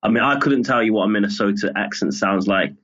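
A journalist from Birmingham, England, with a Birmingham accent, talking as a guest in a relaxed, measured way. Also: male voice, fairly low pitch, breathy edge. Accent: Birmingham English. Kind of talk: casual interview. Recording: lo-fi muffled audio.

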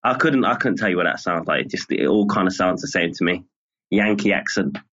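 A journalist from Birmingham, England, with a Birmingham accent, talking as a guest in a relaxed, measured way. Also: male voice, deep voice. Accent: Birmingham English. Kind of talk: casual interview. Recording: lo-fi muffled audio.

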